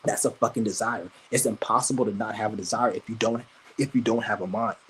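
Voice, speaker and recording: Speaking quickly in a lowish voice with fairly even intonation, a livestreamer rants crudely and combatively, tripping over himself as he restarts again and again. Poor audio with a little hiss or hum.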